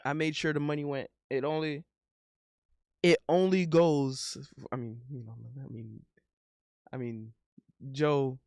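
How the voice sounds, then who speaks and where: A man's voice: on the high side, steady tone, measured pace, pauses often, a little mellow, dry recording, clean studio sound. A man in his thirties chatting casually on a livestream, rambling and repeating himself in slangy talk. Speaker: live streamer. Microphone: studio condenser mic.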